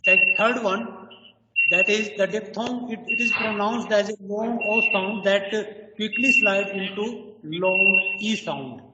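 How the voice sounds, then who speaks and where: A woman teaching as she explains step by step, hesitant and full of pauses and fillers. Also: mid-range voice. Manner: hesitant, many pauses and "you can say" fillers. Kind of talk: slow explanatory lecture. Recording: distant echoey dull-sounding recording with loud noise.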